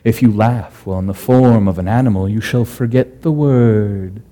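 A man doing a low, grave little sorcerer. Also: normal speed, mellow, lightly acted. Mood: solemn. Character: sly little male sorcerer giving grave warnings.

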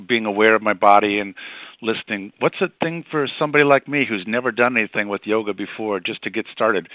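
A man's voice: lowish voice, dry recording. A man on a video call politely asking how a beginner can start. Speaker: participant asking a question. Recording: dull, dry call audio.

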